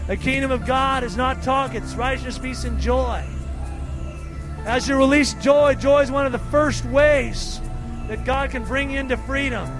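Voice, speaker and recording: Brief: high-pitched male preacher, charismatic, laughing and shouting, worship music under him. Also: normal speed. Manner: bursts of laughter and ecstatic shouts; speaking in tongues. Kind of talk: charismatic sermon, praying over people. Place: church hall with live worship music. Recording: music playing behind the voice.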